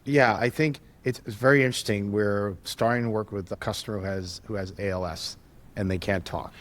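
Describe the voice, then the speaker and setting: A man, a tech entrepreneur, speaking as a podcast guest, telling stories with lively acted-out quotes and frequent restarts. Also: fairly low pitch, fairly quick. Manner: animated, acts out quoted dialogue, frequent restarts. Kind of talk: conversational storytelling.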